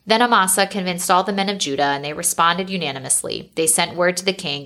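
A woman giving a steady, measured reading of scripture. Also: fairly low pitch. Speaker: Bible reader.

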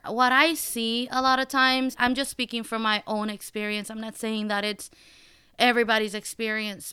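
Bright, heartfelt podcast woman. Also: medium pitch, clear, resonant tone, no room sound, clean studio sound. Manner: heartfelt, reads scripture aloud. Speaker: podcast co-host. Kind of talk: conversational faith podcast.

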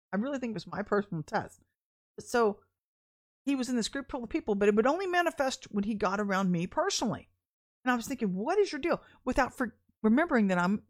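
A woman preacher, telling a personal story in a candid, chatty sermon and laughing often. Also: medium pitch. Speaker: deliverance minister.

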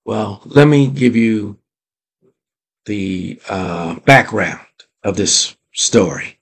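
Man, podcast host, motivational monologue, husky, fry in the voice, slow deliberate delivery, rhetorical questions. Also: lowish voice, expressive. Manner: storytelling with rhetorical questions to the listener.

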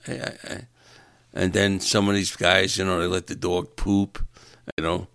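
A man's voice: sits low, little pitch movement, a little slow, vocal fry, a bit bright, clean tone, no echo. A man in a rambling comic monologue, exasperated and ranting, stumbling over repeated words as he vents. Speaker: stand-up comedian.

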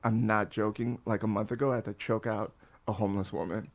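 A man's voice: on the low side, fast talker. A man in his forties, a podcast guest, telling stories casually, swearing often and acting out the voices of people in them. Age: 40s. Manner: animated, profane, acts out voices in his stories. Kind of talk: casual storytelling.

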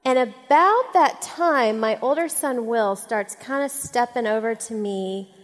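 Woman, mother on a church panel, self-mocking storyteller, slightly high voice, echoey hall. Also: measured pace. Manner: animated, self-mocking anecdote teller. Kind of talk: storytelling on a stage.

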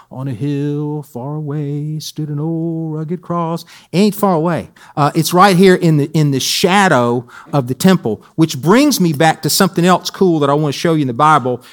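A male pastor giving a sermon in a conversational way, with wry humorous asides and phrases repeated for emphasis. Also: on the high side.

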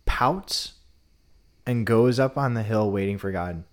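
A man casually retelling a Bible story in a relaxed, conversational way. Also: on the low side, unhurried. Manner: relaxed retelling, often drops to a quieter tone.

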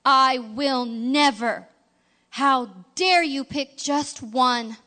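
A woman voicing an old man, a gardener who fiercely protects his flowers, scolding with indignant, repeated demands in a raised, slowed voice. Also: sits high, bright, forceful tone, pitched above the performer's own voice, full character voice. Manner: rising indignant repetition.

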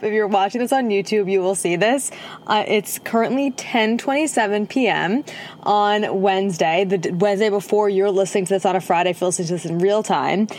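Talking a little fast in a mid-range, darkish voice, a woman chats bubbly into a propped-up phone for her casual podcast. She's a holistic nutritionist sitting in her parked car at night, and the audio carries a little hiss or hum.

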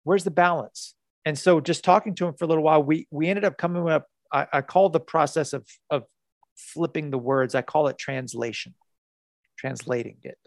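A man coaching on a podcast, animated and repeating words for emphasis as he acts out conversations. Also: a little high, a little fast, gravelly, dry recording.

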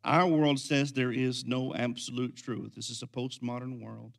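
A man preaching a sermon as pastor, swinging from quiet, intense lines to loud, energetic ones. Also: medium pitch, normal speed, creaky.

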